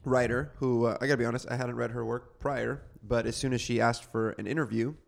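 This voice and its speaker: A man hosting a casual food podcast, chatty and relaxed with casual slang. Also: mid-range voice, brisk, vocal fry. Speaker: podcast host.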